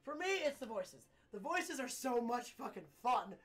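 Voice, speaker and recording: A woman's voice: a little high, animated, normal speed, fairly bright tone. A woman streaming a game, talking casually, playful and profane. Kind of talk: casual gaming commentary.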